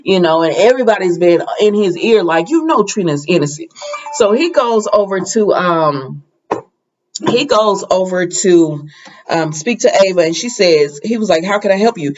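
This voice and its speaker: A chatty woman talks through a soap opera episode, jumping into the characters' lines with a higher voice. The sound is slightly dull and lo-fi. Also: lively intonation, moderate pace, a little mellow, a little hiss or hum. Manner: chatty, acts out characters' lines with raised pitch. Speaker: soap opera recap host. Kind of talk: casual episode recap.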